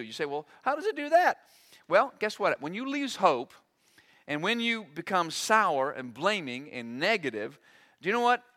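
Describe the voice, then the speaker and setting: A middle-aged male pastor preaching a sermon in an animated way, acting out the voices he quotes. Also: sits high.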